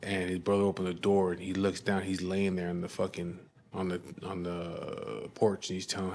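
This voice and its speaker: A man with a low voice recounts a story in a loose, casual way. He talks bluntly and swears constantly. He often stumbles and restarts his sentences mid-thought. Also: monotone, a little mellow, slight background noise. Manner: blunt and heavily profane; halting restarts and repeated words.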